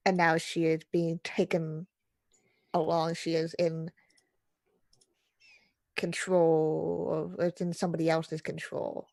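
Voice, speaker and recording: A young adult woman narrating a tabletop horror game as game master, slow and hesitant with fillers. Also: low-pitched, completely flat delivery, vocal fry, a little mellow, dry recording.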